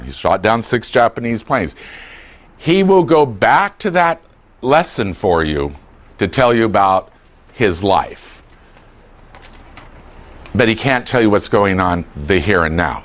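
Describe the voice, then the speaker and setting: A man teaching a dementia care class to a room of people, acting out quoted dialogue as he explains. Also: on the low side. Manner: animated, acts out quoted dialogue. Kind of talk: lively training lecture. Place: room with a live audience.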